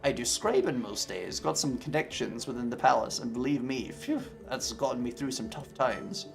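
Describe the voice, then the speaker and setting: Man voicing a smug gravelly little devil. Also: mid-range voice, normal speed, soft background music, lightly acted. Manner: smug, wheeling-dealing lawyerly patter. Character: small sly red winged devil scribe, male. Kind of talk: tabletop role-play.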